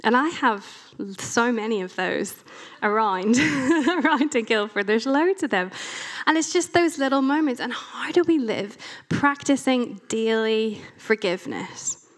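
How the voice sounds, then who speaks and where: A young woman with an Irish accent giving a conversational church talk, chatty and animated, with self-deprecating asides. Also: fairly high pitch, measured pace. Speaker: preacher.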